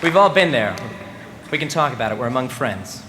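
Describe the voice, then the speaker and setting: A man's voice: mid-range voice, very animated, fairly quick. A young man in his twenties giving a humorous ceremony speech as a graduating student, with mock-serious comic timing over crowd laughter. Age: 20s. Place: large ceremony venue. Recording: reverberant venue with faint background noise.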